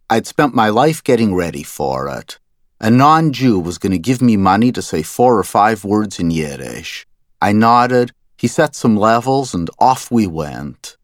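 A man's voice: on the low side, very animated, measured pace, no room sound, clean studio sound. A man narrating a first-person story in a scripted, wry and dryly humorous way.

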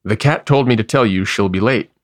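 A man voicing a slow, hungry dim-witted horse. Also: fairly low pitch, dry recording, clean studio sound, close to an everyday voice. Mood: chatty. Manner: slow, puzzled, simple. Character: dim, placid male horse, always hungry.

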